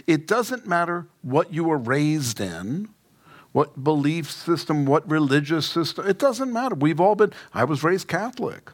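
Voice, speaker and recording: Male pastor, Bible-study sermon, fairly high voice, informal, emphatic. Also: lively intonation, a little slow. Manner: informal, with joking asides and emphatic rises. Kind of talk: conversational Bible teaching sermon.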